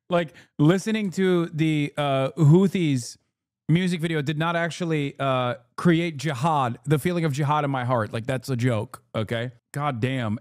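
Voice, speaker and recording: A man's voice: fairly high pitch, darkish tone, no echo, clean studio sound. A man reacting on a live stream, arguing with a clip and joking with his chat in a heated, profane way.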